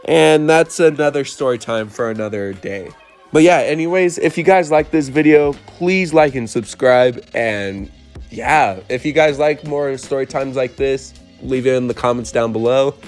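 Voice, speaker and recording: This young vlogger speaks at medium pitch and a moderate pace, with faint music behind him. Recounting an argument at his New Mexico job, he's blunt, curses often, and tells it with lots of animation.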